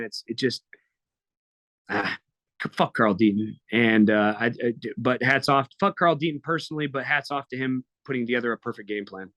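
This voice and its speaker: A mid-range voice, pushed and bright, belongs to a fighter in his thirties who's guesting on a podcast. Expect blunt, emotional stories laced with profanity in this candid, dry-sounding interview.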